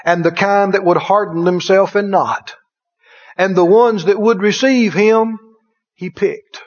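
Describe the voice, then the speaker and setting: A man preaching a sermon with exuberant energy, breaking into shouted exclamations. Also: sits high, steady tone, unhurried. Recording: dull lo-fi sound.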